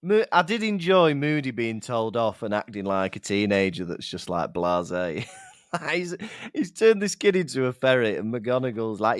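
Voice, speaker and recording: A man's voice: mid-range voice, big pitch swings, normal speed, clear, resonant tone, dry recording, studio quality. A man co-hosting a podcast in casual, jokey chat, often slipping into character voices and laughing. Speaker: podcast co-host.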